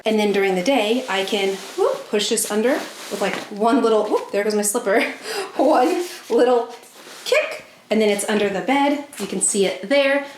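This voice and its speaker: A woman chatting casually to her viewers while doing chores at home, talking to her dogs now and then. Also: medium pitch. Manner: chatty, talks to her dogs in a bright coaxing voice. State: a bit out of breath from chores. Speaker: pet vlogger. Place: bedroom at home. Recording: echoey room, faint noise.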